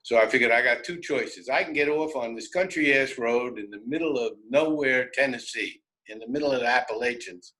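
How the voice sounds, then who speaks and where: A man telling a road story on a radio show, animated and self-interrupting, often laughing. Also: medium pitch, a little fast, few pauses, poor audio. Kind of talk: casual storytelling.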